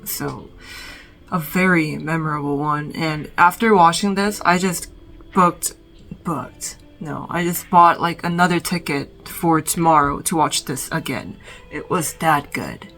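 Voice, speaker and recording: A woman vlogging from her bedroom, talking about films in a reflective, halting way full of "like". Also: sits low, a bit bright, soft background music, low-quality recording. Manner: reflective, halting, heavy use of "like". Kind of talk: casual film recommendations.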